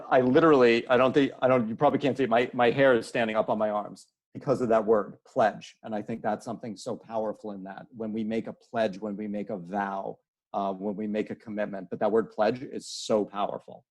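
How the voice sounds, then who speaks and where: Earnest man with halting speech. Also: fairly low pitch, steady tone. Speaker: guest. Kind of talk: casual interview conversation.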